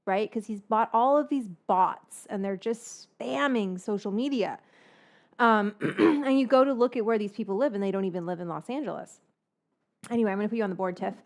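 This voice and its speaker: A woman's voice: medium pitch, a little fast. A woman, likely in her thirties, hosting a cooking livestream in a rambling, casual way and swearing freely. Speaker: livestream host baking from her cookbook.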